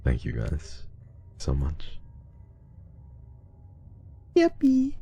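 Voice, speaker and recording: A man's voice: very deep voice, lively intonation, moderate pace, gravelly, a little mellow, soft background music. A man streaming live, chatting casually and telling a rambling story with lots of restarts. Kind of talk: casual livestream chat.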